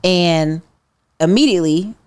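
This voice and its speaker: A woman guest on a casual podcast, an expressive storyteller who acts out the people she quotes. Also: fairly low pitch, unhurried, clear, resonant tone. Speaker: podcast guest, digital marketer.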